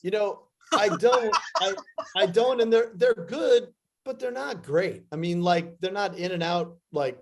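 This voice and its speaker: A middle-aged actor telling profane, animated stories in a casual interview, acting out other people's lines as he goes. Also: high voice, measured pace, heavy background noise. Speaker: actor guest.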